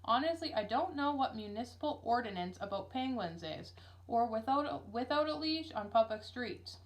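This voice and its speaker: Slow-talking, easygoing policeman, puzzled, storybook read-aloud, voiced by a woman. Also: on the high side, expressive, close to an everyday voice.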